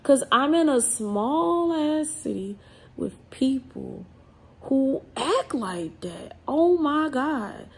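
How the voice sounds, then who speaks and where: A woman's voice: high-pitched, expressive, slow pace, vocal fry, slightly rough. A woman, ranting bluntly in an unscripted vlog, full of swearing and slang. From New Orleans. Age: 30s. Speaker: vlogger.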